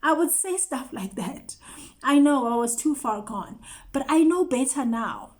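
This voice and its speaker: Woman, higher-pitched, earnest, emphatic, repeats phrases, personal testimony. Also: animated, measured pace, a little mellow. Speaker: host.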